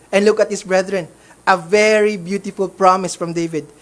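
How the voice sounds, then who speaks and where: A woman's voice: medium pitch, steady tone, normal speed. A woman preaching a sermon, often calling her listeners brethren and checking in with them. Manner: calls listeners brethren, keeps checking in with okay.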